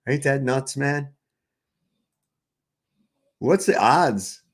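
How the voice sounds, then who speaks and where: A man's voice: mid-range voice, animated, drawn-out words. A man hosting a livestream, talking casually and profanely over clips, often restarting and trailing off. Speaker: livestream host.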